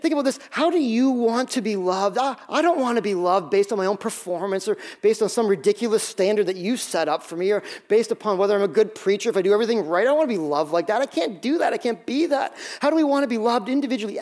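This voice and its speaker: A man's voice: high voice, fast, hardly any pauses, a little mellow. A man preaching as pastor in a conversational sermon, telling self-deprecating stories with frequent restarts.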